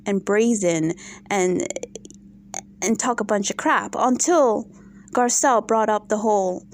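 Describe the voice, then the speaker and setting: A woman giving casual opinion commentary on a reality show, exasperated and animated, firing off rhetorical questions. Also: mid-range voice, measured pace.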